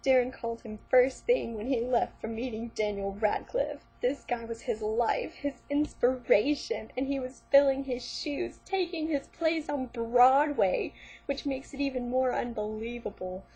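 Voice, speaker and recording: A woman's voice: fairly high pitch, measured pace, mellow, husky. A woman vlogger reading fan fiction aloud, breaking in with sarcastic, mocking commentary.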